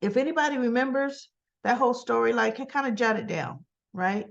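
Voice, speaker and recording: A woman's voice: a little high, fairly quick, creaky. Chatty woman recapping soaps, lo-fi. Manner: chatty, rhetorical questions, tag "right?"; sassy, talks straight to the characters. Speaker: soap opera reviewer. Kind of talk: casual spoiler recap.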